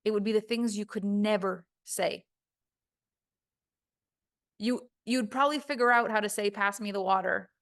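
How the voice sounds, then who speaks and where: A woman's voice: mid-range voice, fairly even intonation, a little slow, pauses often. A woman voice coach giving a recorded course lesson, talking emphatically and acting out quoted voices.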